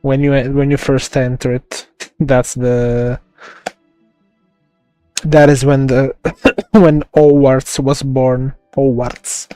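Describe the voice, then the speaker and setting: A man with an Italian accent, streaming a game live and chatting to viewers in a rambling, halting way, with many restarts and laughs. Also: mid-range voice, flat delivery, dark tone, clear, resonant tone, no room sound, faint music behind. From Italy.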